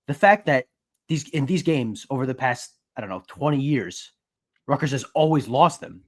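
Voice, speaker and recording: A male sports reporter talking casually on a podcast, analytical with dry jokes. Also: medium pitch. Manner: analytical, dryly joking.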